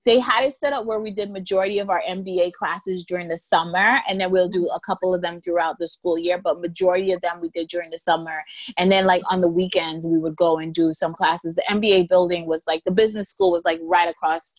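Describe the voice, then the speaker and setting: A woman lawyer as a podcast guest, telling stories in a lively, casual way and acting out quoted voices. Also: lowish voice, fast talker, no echo. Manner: animated storyteller, acts out quoted voices with laughter. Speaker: guest, intellectual property lawyer.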